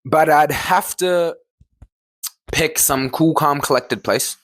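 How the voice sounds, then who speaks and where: A man's voice: on the high side, takes it slowly, fairly bright tone. A young man co-hosting a casual podcast, joking and teasing, sometimes drawing out his words. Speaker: podcast co-host. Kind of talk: casual chat.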